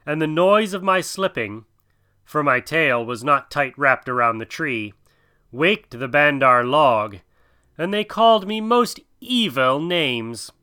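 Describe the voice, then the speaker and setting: A man's voice: on the high side, sing-song, unhurried, pushed and bright, clear, resonant tone, no echo, clean studio sound, heavily acted. A man voicing a proud, courteous old male python in a storybook reading, with hissing, grand, old-fashioned speech.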